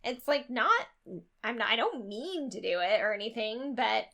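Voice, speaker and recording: A woman's voice: on the high side, animated, normal speed, bright, forceful tone. A woman from Northern California, a mom and podcast co-host, chatting casually and laughing often. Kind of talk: casual chat.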